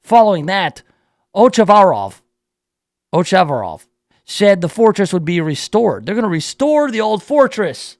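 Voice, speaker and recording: A man's voice: sits high, sing-song, a little slow, a little mellow, dry recording. A male radio talk show host reading a news story aloud in a playful, riffing way, drawing out words for emphasis in his studio.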